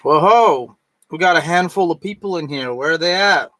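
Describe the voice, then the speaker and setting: A man's voice: fairly high pitch, moderate pace, sharp tone. A man chatting casually on a live stream while drinking, rambling and tipsy, with lots of fillers and restarts.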